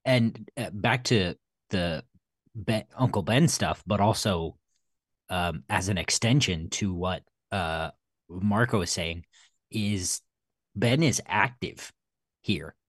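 A man adding his thoughts in a casual review chat, speaking slowly and deliberately. His voice is low and husky. The sound is dry and close. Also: no room sound. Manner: slow, deliberate remarks.

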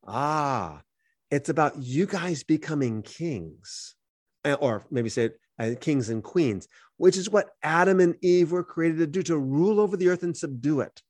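A man with a fairly high voice talks a little slowly as he reads scripture aloud, then explains it in a conversational, instructive manner on the podcast he co-hosts. His manner is animated, and the studio-quality audio has no room sound.

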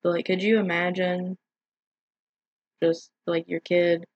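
Woman giving blunt opinions in a casual chat, lots of "like", lowish voice, muffled recording. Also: little pitch movement, takes it slowly, dry recording. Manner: frank, opinionated, says "like" often. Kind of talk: casual discussion.

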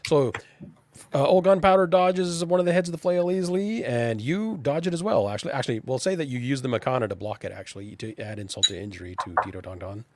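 Man, game master, casual tabletop narration, mid-pitched, dry close sound, chatty with restarts. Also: fast, dry recording. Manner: casual, chatty, laughs often, frequent restarts.

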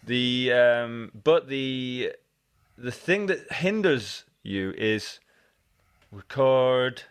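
A man's voice: mid-range voice, extremely slow, clean tone, no room sound, clean studio sound. A man hosting a podcast, talking casually in rambling, self-correcting sentences, often quoting himself. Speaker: podcast host. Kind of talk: casual conversation.

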